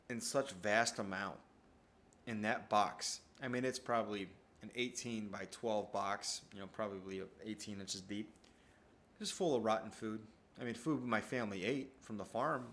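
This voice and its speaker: A man's voice: lowish voice, fairly bright tone, slight background noise. A man at home telling a rambling, profane story in a casual monologue. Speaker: vlogger. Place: at home, downstairs.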